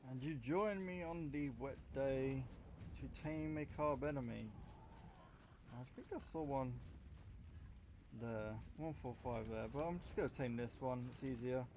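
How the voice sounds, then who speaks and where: A man's voice: medium pitch, moderate pace, noisy background. A man giving casual, rambling gameplay commentary, offhand and often correcting himself, with the hiccups. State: has the hiccups. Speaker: gaming YouTuber.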